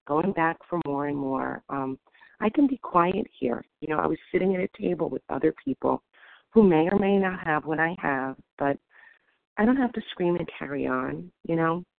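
Woman with a gravelly voice, calm and reflective, sharing at a recovery meeting on a phone line. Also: deep voice. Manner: reflective, calm, frequent ums. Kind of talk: personal share at a recovery meeting.

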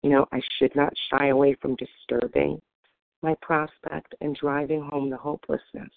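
Woman with a gravelly voice, calm and reflective, sharing at a recovery meeting on a phone line. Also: low-pitched, normal speed, slight background noise. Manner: reflective, calm, frequent ums. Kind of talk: personal share at a recovery meeting.

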